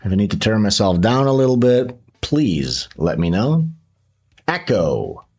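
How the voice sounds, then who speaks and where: A man's voice: lowish voice, sing-song, moderate pace, darkish tone. A man hosting a livestream in casual chat, joking and teasing his guest. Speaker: streamer host.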